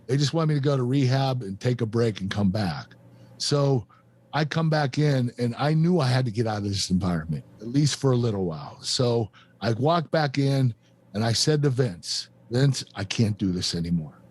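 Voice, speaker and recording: A man in his fifties, a guest on a podcast, telling a painful personal story in a halting, emotional way with many fillers and restarts. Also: mid-range voice, lively intonation, darkish tone. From United States. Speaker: guest, former pro wrestler.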